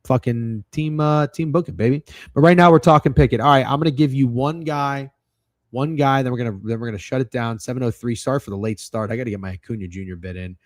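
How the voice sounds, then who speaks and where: A young man hosting a sports betting livestream, talking casually and excitably, swearing often and rambling through restarts as he runs through his picks. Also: medium pitch, fast talker, dry recording, clean studio sound. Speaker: sports betting show host.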